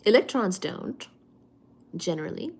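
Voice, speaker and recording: A woman hosting a casual study-with-me livestream, chatty and expressive as she reads and answers viewer comments. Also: medium pitch, a little slow, breathy edge. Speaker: livestream host.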